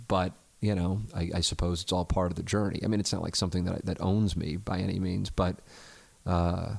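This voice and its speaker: A man's voice: low-pitched, gravelly, dry recording. A man in his forties hosting a podcast, talking candidly and self-deprecatingly, hesitant and rambling, swearing freely. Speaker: podcast host. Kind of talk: candid reflective chat.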